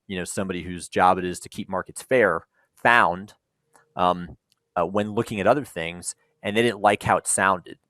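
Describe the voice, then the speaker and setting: A man's voice: low-pitched, fairly bright tone, dry recording. A man speaking on a panel, telling the story of a startup in a conversational way, with frequent ums, and acting out the people in it.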